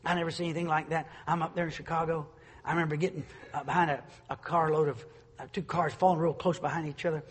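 A man preaching a fervent sermon. He swings from loud declarations to soft asides and stumbles through restarts. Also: a little high, level tone, fast talker, a little hiss or hum. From North Carolina, USA. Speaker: pastor. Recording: long reverb of a large church hall.

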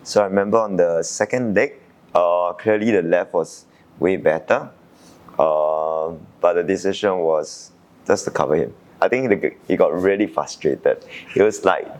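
A young man from Singapore, an Olympic sailor, calmly recalling his qualifying race in an interview, thoughtful with frequent fillers. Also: deep voice, moderate pace. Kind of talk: reflective interview answers.

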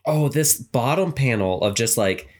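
A man's voice: mid-range voice, lively intonation, unhurried, a little mellow. A man co-hosting a podcast, dropping dry quips in casual chat. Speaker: podcast co-host.

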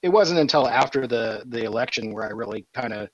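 A man calling in to a show, speaking haltingly with pauses and fillers over dull, dry call audio. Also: medium pitch, lively intonation. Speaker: caller. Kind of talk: casual call-in chat.

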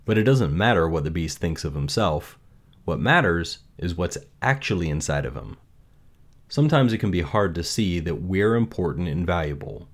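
A man reading a fairy tale aloud and then reflecting on its lessons, in a measured, gentle way. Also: low-pitched, expressive. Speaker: storyteller.

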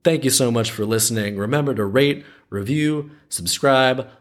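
A man with a medium-pitched voice speaks at a normal speed, hosting a storytelling podcast. He reads a folk tale aloud and keeps stepping away from it for wry, skeptical, rambling asides, mixing the story with casual commentary.

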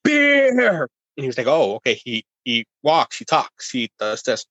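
Dude telling a crazy story on a podcast, lots of likes and swearing, dry sound. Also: male voice, mid-range voice, moderate pace, no echo, muffled recording. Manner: animated anecdote-telling, heavy filler and swearing. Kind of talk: casual podcast chat, storytelling.

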